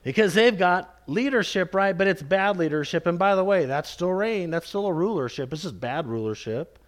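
Man, preacher, sermon, emphatic repetition, fairly high pitch. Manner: slow, emphatic, repeating key phrases; addresses listeners as "beloved".

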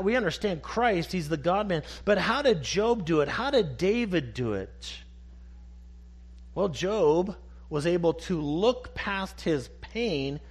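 A man preaching a sermon in an emphatic way, asking rhetorical questions and then dropping to soft, short one-word answers. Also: a little high, husky.

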